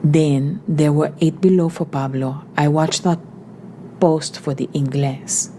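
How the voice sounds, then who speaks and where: A woman voicing a nervous young gypsy man who asks and explains slowly and anxiously. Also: low voice, fairly even intonation, warm tone, a little hiss or hum. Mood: uneasy. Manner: slow, anxious, wondering.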